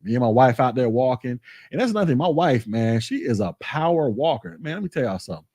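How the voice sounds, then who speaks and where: A man hosting a casual vlog, telling stories in a colloquial way that is animated and full of repetition. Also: medium pitch, fast talker, no room sound, studio quality. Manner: animated storytelling, colloquial, repeats himself. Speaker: tech channel host.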